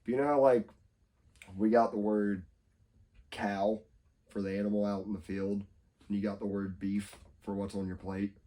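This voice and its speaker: A man's voice: lowish voice, level tone, normal speed, long pauses, dark tone. A young man co-hosting a casual podcast chat, rambling, laughing often and acting out quotes in silly voices. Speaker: podcast co-host.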